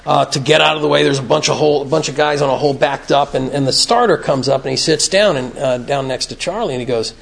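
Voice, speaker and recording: A man's voice: mid-range voice, fast, gravelly, hardly any pauses, a bit bright. A man speaking to an evening recovery meeting in an earnest, plain-spoken, storytelling way. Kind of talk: conversational talk at a recovery meeting. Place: meeting room, evening gathering.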